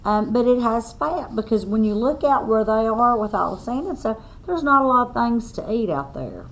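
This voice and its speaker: A woman's voice: on the high side, animated, fairly bright tone. A woman teacher reads a picture book aloud to young children, asking the class questions as she goes. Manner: slow, sing-song read-aloud with questions to the class.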